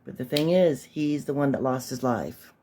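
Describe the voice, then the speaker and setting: A woman's voice: a bass voice, moderate pace, mellow, slight background noise. A woman hosting a casual commentary, talking in a sarcastic, judgmental way. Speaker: commentary host.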